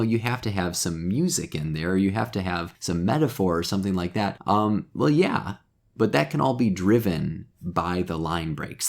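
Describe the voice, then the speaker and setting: A man's voice: deep voice, a little mellow. A man teaching poetry in a chatty, self-deprecating way as host of his own lesson channel. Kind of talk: casual explainer lesson.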